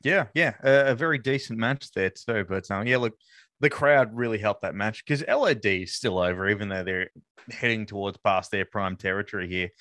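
A man's voice: fairly low pitch, fairly bright tone, dry recording, studio quality. A man co-hosting a wrestling podcast, talking casually and rambling with lots of fillers. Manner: rambling, amused, many fillers. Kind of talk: casual review chat.

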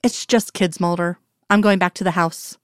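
A woman reading the lines of a no-nonsense adult woman with a brisk, dismissive manner. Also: fairly low pitch, fairly even intonation, no room sound, clean studio sound, natural voice.

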